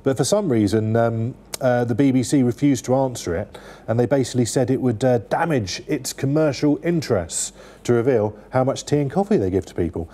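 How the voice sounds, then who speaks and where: A man chatting casually through the day's papers, warm and mellow in tone. He rambles, restarting sentences and leaning on fillers as he talks. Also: mid-range voice, fairly quick. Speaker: newspaper review guest. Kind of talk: casual chat.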